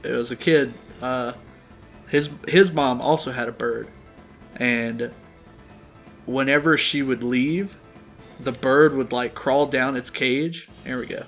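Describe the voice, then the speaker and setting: Co-hosting a game playthrough, a young man tells a casual story packed with swearing and laughter. His mid-range, fairly bright voice is slow and fairly even, with long pauses, over soft background music.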